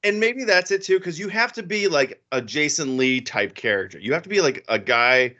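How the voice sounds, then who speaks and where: Swearing podcast dude, bright lively voice, kinda dull lo-fi sound. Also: male voice, a little high, normal speed. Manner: animated, profane, laughing often. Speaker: podcast co-host. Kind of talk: casual podcast chat.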